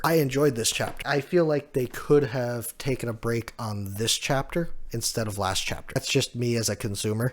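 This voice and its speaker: A man giving a casual recap of a manga chapter, walking through the panels and laughing often. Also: mid-range voice. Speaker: manga reviewer.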